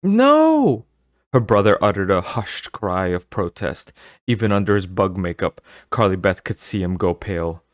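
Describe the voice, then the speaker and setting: A man narrating an audiobook in an expressive, dramatic storytelling manner. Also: sits low, moderate pace, dry recording, studio quality.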